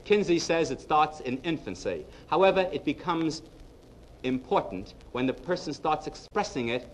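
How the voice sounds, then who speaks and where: Male psychologist lecturing to a live audience; slightly higher voice, funny and quick with punchlines. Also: a little hiss or hum, low-quality recording. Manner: lively storyteller, punchline-driven, addresses the audience directly. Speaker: psychologist giving a public lecture.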